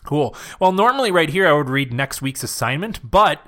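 A man's voice: on the high side, big pitch swings, normal speed, a bit bright. A young man co-hosting a podcast, chatting casually and joking with lots of fillers and giggles. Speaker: podcast co-host. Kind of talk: casual chat.

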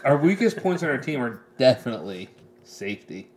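A man's voice: medium pitch, very animated, brisk. A man co-hosting a podcast, chatting casually about football and fantasy league rules, laughing easily and rambling as he explains. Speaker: podcast co-host. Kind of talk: casual chat.

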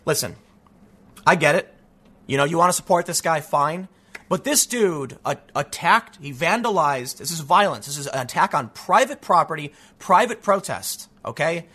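A man's voice: a little high, lively intonation, normal speed, pushed and bright, slightly rough. A man giving an emphatic news commentary, reading out reports and then ranting in casual, repetitive phrases. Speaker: political commentator.

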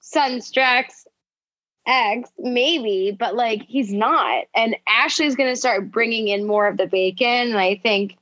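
A woman's voice: a little high, slow pace, fairly bright tone, dry recording, lo-fi sound. A woman co-hosting a casual recap podcast, talking bluntly and profanely and cracking jokes. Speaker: podcast co-host. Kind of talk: casual reality-TV recap chat.

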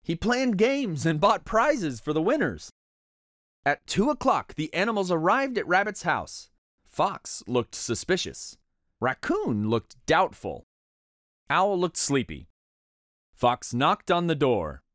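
Brief: expressive picture-book narrator, mid pitch, very animated, dry close mic. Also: takes it slowly, no echo. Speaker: storybook narrator. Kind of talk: children's picture book read-aloud.

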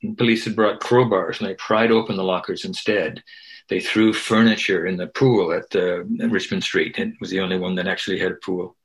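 A man's voice: low-pitched, fairly even intonation, moderate pace, poor audio. An older man, a guest activist and historian, telling a story in a loose conversational way, often tagging his sentences with "right?". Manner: conversational, tags lines with "right?". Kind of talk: storytelling interview.

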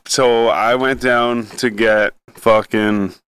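A man's voice: mid-range voice, steady tone, slow, fairly bright tone, clear, resonant tone, no room sound. A young man hosting a casual podcast chat, telling a story in a laid-back, rambling way with lots of swearing.

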